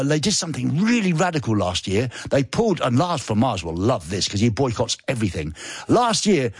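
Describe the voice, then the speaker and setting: A man's voice: mid-range voice, slightly rough, dry recording, clean studio sound. A male radio host, chatting and teasing his co-host on a live show. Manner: playful, teasing, sing-song jokes. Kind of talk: casual live radio banter.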